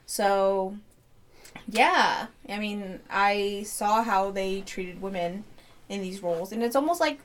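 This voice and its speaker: A woman's voice: mid-range voice, slow pace. A woman in her thirties co-hosting a casual podcast chat, blunt and profane, acting out the people she quotes. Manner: blunt, swears freely, acts out quotes animatedly. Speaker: podcast co-host.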